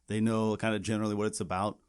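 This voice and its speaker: Man, low voice, casual podcast chat, rambling, lots of restarts. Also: level tone, racing, clear, resonant tone. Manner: rambling, many restarts and "you know". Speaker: podcast co-host.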